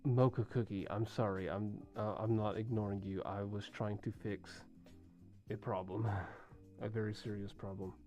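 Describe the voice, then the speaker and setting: A young man with a fairly low voice chats loosely with his stream viewers, rambling between thoughts. Faint music plays underneath. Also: fairly even intonation, normal speed, dark tone, dull audio. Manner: chatty, rambling, talks to chat and reads usernames. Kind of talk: casual livestream chat.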